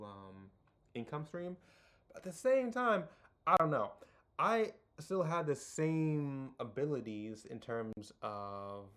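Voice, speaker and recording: A man's voice: fairly low pitch, fairly bright tone. A young man hosting a casual video tutorial, rambling with lots of fillers and restarts, and making self-deprecating jokes. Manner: self-deprecating, jokey asides.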